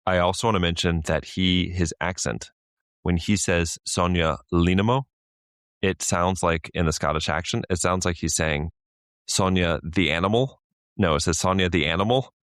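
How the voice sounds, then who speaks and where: A man co-hosting a sports podcast in a casual, chatty way, laughing often and getting animated when telling a story. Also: sits low, moderate pace, smooth, no echo, clean studio sound. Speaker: podcast co-host. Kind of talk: casual chat.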